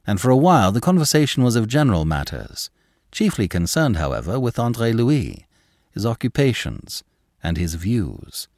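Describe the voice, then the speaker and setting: Low, expressive male storyteller. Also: no room sound, studio quality. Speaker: audiobook narrator. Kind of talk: scripted narration of a classic novel.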